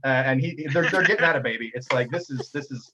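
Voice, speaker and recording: A man running a tabletop game as game master, excitable and laughing as he narrates. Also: medium pitch, quick pace, slight background noise. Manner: excitable, laughing, full of fillers. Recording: dull lo-fi audio.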